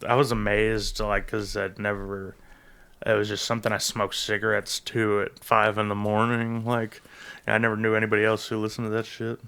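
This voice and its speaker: Gravelly, bright-voiced man chatting. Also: fairly low pitch, monotone, moderate pace. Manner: rambling, crude, joking. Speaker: podcast co-host. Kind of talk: casual chat.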